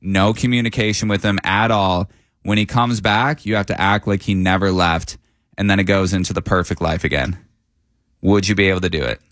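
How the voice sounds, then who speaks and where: Low-voiced playful male radio co-host. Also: fairly even intonation, fairly quick, a bit bright, dry recording, clean studio sound. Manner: playful, posing hypothetical questions. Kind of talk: casual morning radio banter.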